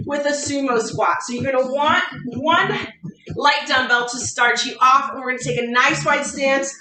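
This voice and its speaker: A woman's voice: high-pitched, moderate pace, bright, forceful tone. A woman fitness coach leading a workout, encouraging and counting down the reps. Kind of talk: workout instruction. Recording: echoey room, distant mic.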